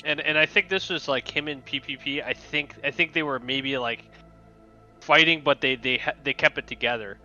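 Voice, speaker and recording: Male guest, bright forceful voice, halting blunt talk, muffled lo-fi recording. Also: mid-range voice, faint music behind. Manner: halting, repeats words, blunt. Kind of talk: casual group chat. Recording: dull lo-fi sound.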